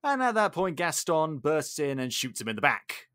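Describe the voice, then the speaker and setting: Male podcast host, lively pitch, fairly high voice, very dry close sound, jokey storytelling. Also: moderate pace, no echo. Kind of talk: casual chat retelling a film.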